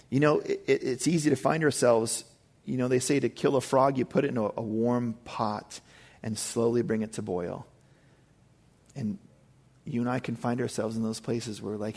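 Male pastor preaching, chatty and emphatic, keeps talking to the crowd. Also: medium pitch. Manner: conversational, emphatic, frequent asides. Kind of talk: sermon.

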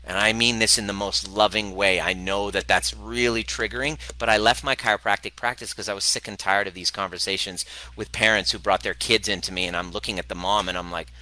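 A middle-aged man speaks bluntly and with passion, swearing freely and laughing as he goes. His voice sits fairly low but comes across very bright and forceful. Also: steady tone, fairly quick, rough recording. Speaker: former chiropractor turned wellness video host. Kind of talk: direct-to-camera talk answering a viewer question.

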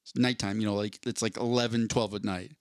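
A man's voice: on the low side, steady tone, a little fast, no room sound, studio quality. A man co-hosting a casual podcast chat, telling a rambling story and acting out the people in it. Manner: rambling storyteller, acts out cop and dispatcher voices. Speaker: podcast co-host.

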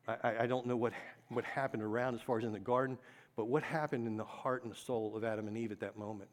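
A man's voice: mid-range voice, steady tone, fast. A man preaching a sermon, earnest, asking the congregation questions and repeating key phrases.

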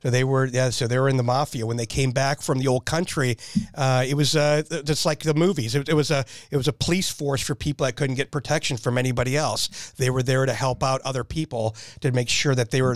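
A middle-aged man telling stories in a casual chat, animated and laughing often, with jumps in pitch when he quotes people. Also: a little fast, dry recording, clean studio sound. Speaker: podcast guest.

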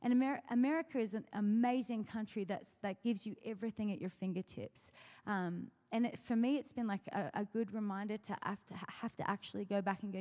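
A woman's voice: mid-range voice, steady tone, brisk, mellow. A woman songwriter telling a story to an audience in a chatty way, full of fillers and restarts. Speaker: worship songwriter speaking at an event. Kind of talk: casual storytelling talk. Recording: long hall reverb.

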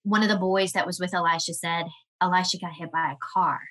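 Bright-voiced woman telling an emotional story. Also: lowish voice, fairly even intonation, rough recording. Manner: earnest, emotional, halting restarts. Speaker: podcast guest. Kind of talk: personal storytelling.

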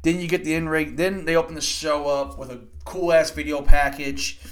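A young man in his twenties talks through a casual podcast recap, rambling and excitable, dropping the odd curse word. His voice sits a little higher than most men's. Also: normal speed. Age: 20s. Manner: rambling, excitable, profane storytelling. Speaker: podcast host.

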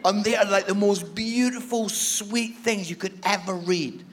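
A Scottish man in his forties, speaking as a guest preacher, tells a funny personal story during a sermon. His voice sits high and his pace is unhurried, yet he's animated and humorous, acting out the dialogue.

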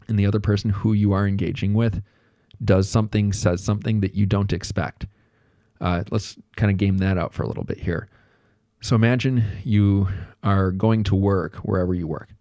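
Guy on a solo podcast, low warm voice, dry close mic, talks it through loose and chatty. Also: dry recording. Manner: conversational, thinks aloud with fillers and hypotheticals; acts out little bits of dialogue in passing. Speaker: podcast host. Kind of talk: casual solo explanation.

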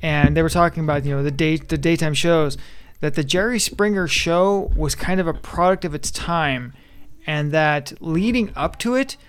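A man's voice: a little high, moderate pace, clean tone. A man in a casual podcast chat, explaining things at length with small asides. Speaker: podcast co-host.

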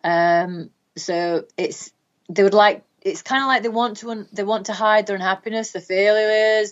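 A woman's voice: mid-range voice, highs cut off. Northern English woman, um-filled explanations. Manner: explains in long runs with frequent ums. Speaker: guest health practitioner. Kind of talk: conversational podcast interview.

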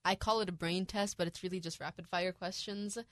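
A young woman co-hosting a casual news podcast, chatty and quick to laugh, with lots of fillers. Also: on the low side, fairly even intonation, fairly bright tone, dry recording. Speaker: podcast co-host.

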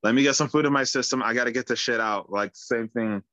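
Bright-voiced man rambling a story. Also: mid-range voice, quick pace, no echo, lo-fi sound. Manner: rambling storytelling, heavy swearing, laughing through his words. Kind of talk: casual chat.

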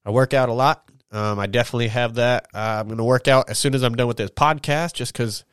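With a steady, fairly bright, smooth mid-range voice, a young man rambles candidly on his own podcast, swearing frequently and drawing out "man" as a tag. The clean studio sound carries no echo.

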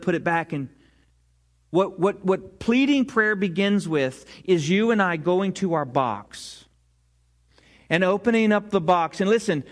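A man preaching a sermon in a conversational way, often restarting his sentences and sometimes dropping suddenly to a quiet voice. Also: high voice. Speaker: pastor. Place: church sanctuary.

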